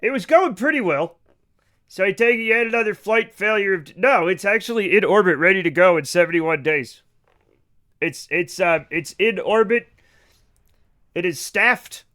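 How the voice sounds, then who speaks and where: A man streams a game live, talking to his chat in an animated, joking way with casual swearing. His voice sits high and sounds bright and forward. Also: normal speed.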